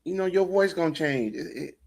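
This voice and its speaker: A man's voice: on the high side, brisk, gravelly. A man co-hosting a podcast in casual banter, teasing his friend and swearing freely. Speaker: podcast co-host.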